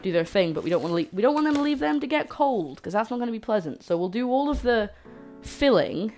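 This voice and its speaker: A woman with a fairly high, slightly mellow voice talks fast and animatedly while hosting a cooking livestream. She chats playfully with viewers as she works, faint music behind her.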